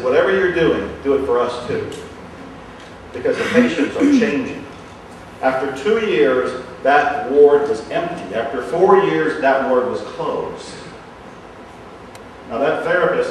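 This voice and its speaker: An earnest man delivers a motivational self-help talk at a middle pitch, sometimes dropping to a hushed, soft repetition of his phrases. He sounds set back from the microphone in a strongly echoing room, with a faint hum behind him. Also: measured pace. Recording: very echoey room, speaker far from mic.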